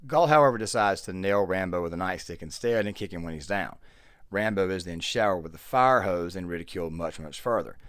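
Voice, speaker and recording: A man's voice: low voice, animated, brisk, fairly bright tone, no room sound, clean studio sound. A man giving a casual voiceover commentary that walks through a film's plot step by step, with the odd filler. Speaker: YouTube film commentator.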